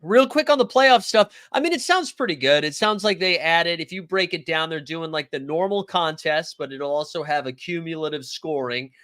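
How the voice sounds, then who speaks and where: With a little high, a bit bright voice, this fantasy sports host talks at a moderate pace with hardly any pauses. He's on a fantasy basketball livestream, joking around casually, reading comments and calling out viewers by name.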